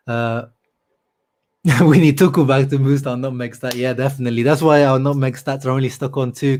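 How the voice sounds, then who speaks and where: A man's voice: mid-range voice, a little mellow. A man hosting a casual live stream about football, chatting loosely with lots of fillers and reading out viewer comments. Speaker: channel host on a live stream.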